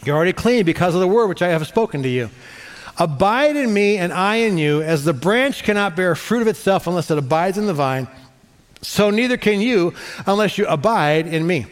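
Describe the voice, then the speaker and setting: Man, pastor, high-pitched, animated sermon, long hall reverb. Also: a little fast. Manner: animated preaching, repeats phrases for emphasis.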